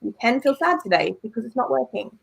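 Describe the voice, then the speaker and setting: A young woman speaking as an interview guest, giving emphatic, animated motivational advice. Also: a little high, fast, gravelly. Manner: emphatic, animated, acts out quoted thoughts. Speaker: guest, business owner. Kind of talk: motivational conversation.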